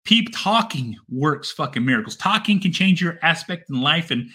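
Middle-aged man, blunt, heartfelt, heavy swearing, bright forceful voice, slightly high. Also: expressive, moderate pace. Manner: repeats phrases for emphasis. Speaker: father sharing his story. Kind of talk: candid personal monologue.

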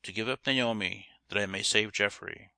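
A man voicing a stern, resolute young gentleman in a storybook reading. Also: fairly low pitch, normal speed, gravelly, clear, resonant tone, no room sound, heavily acted. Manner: stern, firm.

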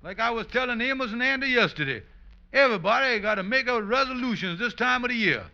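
The Kingfish, blustery high-voiced schemer. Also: male voice, expressive, quick pace, bright, forceful tone, exaggerated voice. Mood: pleading. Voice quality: blustery, wheedling, broad comic delivery. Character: scheming boastful husband, middle-aged man. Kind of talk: 1950s radio sitcom acting. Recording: dull old radio broadcast recording, faint hiss.

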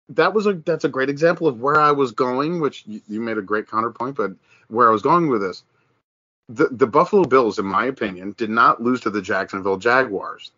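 Animated man riffing on football. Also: medium pitch, breathy edge, no room sound, dull audio. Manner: animated, mocking put-on voices when quoting others, many restarts. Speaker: podcast co-host. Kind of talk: casual sports chat.

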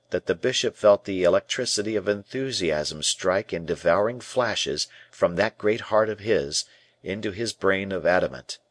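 A man narrating an audiobook in a quiet, even reading voice. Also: sits low, dry recording. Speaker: audiobook reader. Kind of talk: scripted narration.

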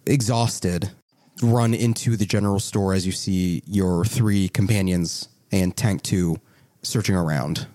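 A low-voiced man running a tabletop game as game master. He narrates in a joking, rambling way, restarting his sentences often. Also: a little slow, warm tone.

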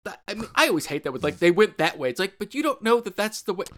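An enthusiastic young man co-hosting a podcast, with a fairly high voice that swoops widely as he talks. He gushes over favorite scenes and tells them in a quick, animated way. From Pennsylvania, US. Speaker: podcast co-host. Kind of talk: casual chat recapping a TV episode.

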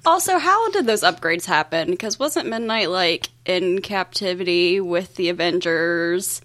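A woman chatting casually on a comics podcast, quick and quick to laugh. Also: lowish voice, lively intonation, a bit bright. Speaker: podcast co-host.

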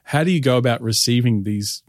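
An Australian man interviews a guest as a pastor and host, working through long, thoughtful questions. His pitch sits in the middle range. The recording is close and dry. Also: a little fast, no room sound.

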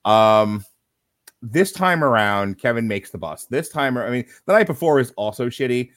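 On a podcast, a male co-host gives a casual, comedic movie review, recapping the plot with sardonic, profane humor. His mid-range voice is animated and fairly bright, at a moderate pace, recorded with studio quality and no echo.

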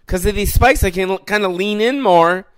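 A man voicing a small, stubborn bird that gloats and swears in a high, strained voice. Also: normal speed, clear, resonant tone, no echo, studio quality, lightly acted. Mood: smug. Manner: cocky, gloating, profane. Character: small stubborn bird mocking the window spikes.

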